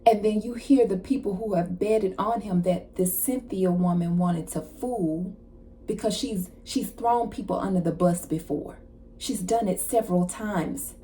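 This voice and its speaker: A woman card reader giving a casual channeled message, retelling a story in an animated way with slang and asides. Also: medium pitch, a little slow, slight background noise.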